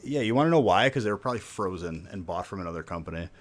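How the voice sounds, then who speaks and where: A man's voice: low-pitched, expressive, very fast. A man hosting a live stream, ranting in casual chat and saying "like" a lot. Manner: ranting, heavy use of "like". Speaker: stream host.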